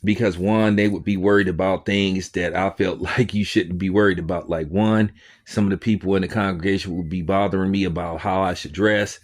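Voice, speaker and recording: A man with a fairly low voice talks in a loose, conversational way, like an informal commentary show. He tells his story with energy and acts out the remarks of others as he goes. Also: fairly quick. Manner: conversational, animated storytelling with quoted asides. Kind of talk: casual spoken commentary.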